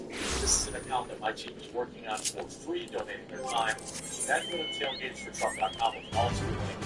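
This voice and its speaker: Male political commentator, brisk and opinionated, a bit off-mic over loud music. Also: mid-range voice, recorded from a distance, rough recording. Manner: brisk, opinionated, asides to viewers.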